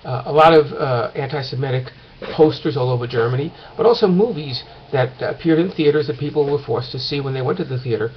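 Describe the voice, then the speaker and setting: A man's voice: mid-range voice, a little fast, highs cut off, slight background noise. A man teaching a course in a casual recorded lecture, talking late at night at home and rambling with many fillers and restarts.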